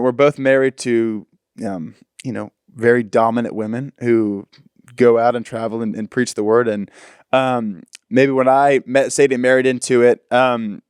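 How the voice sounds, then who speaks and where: A man's voice: mid-range voice, a little mellow, smooth, no room sound, studio quality. A young man hosting a podcast, talking in a chatty, rambling way with frequent restarts. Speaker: podcast host. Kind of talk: casual interview chat.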